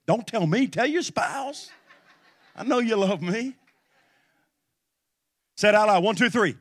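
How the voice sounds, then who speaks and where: A middle-aged man preaching a sermon as pastor, telling stories and then building to loud call-and-response exhortation. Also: high voice, normal speed, no room sound.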